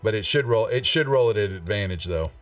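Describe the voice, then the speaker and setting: A man's voice: on the low side, brisk. A man acting as dungeon master in a live tabletop game, talking loosely with many fillers and restarts. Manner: relaxed, rambling, lots of fillers. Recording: distant mic with music behind.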